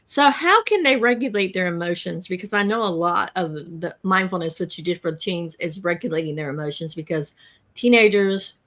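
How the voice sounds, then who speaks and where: A woman's voice: lowish voice, lively intonation, fairly quick, fairly bright tone. A woman hosting a podcast interview, asking long, conversational questions. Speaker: podcast host.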